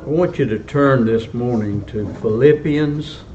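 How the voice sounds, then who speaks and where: An older man preaching a sermon, a little hoarse and froggy this morning, reading scripture slowly with rising emphasis. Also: mid-range voice, darkish tone, highs cut off, slight background noise. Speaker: pastor.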